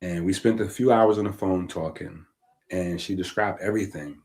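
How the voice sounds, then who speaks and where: Lowish-voiced guy on a health stream, emphatic, keeps asking "right?". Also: moderate pace, darkish tone. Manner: emphatic, rhetorical, checks in with "right?". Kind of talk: casual monologue reading from a book.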